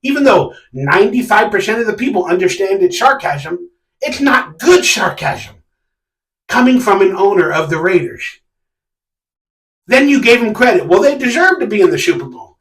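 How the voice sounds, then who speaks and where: A man's voice: high voice, very animated, normal speed, a bit bright, recorded from a distance. A man hosting a sports fan live stream, ranting casually and animatedly with sarcastic, exasperated outbursts. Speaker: sports fan channel host. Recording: echoey room, a bit off mic.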